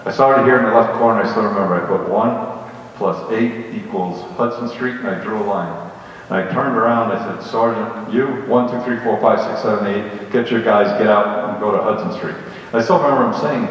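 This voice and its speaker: A man from the Bronx with a New York accent, a police officer telling students his story in a blunt, animated way. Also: lowish voice, a little fast. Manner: blunt, animated retelling with acted quotes. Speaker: retired police lieutenant speaking to students. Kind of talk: storytelling talk. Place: large school hall. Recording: echoey hall, from far off, dull.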